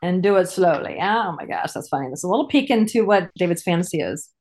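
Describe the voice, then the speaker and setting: Chatty woman co-host, lowish voice. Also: lively intonation, fast, darkish tone. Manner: rambling, chatty, lots of fillers. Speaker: podcast co-host. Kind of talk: casual episode recap chat.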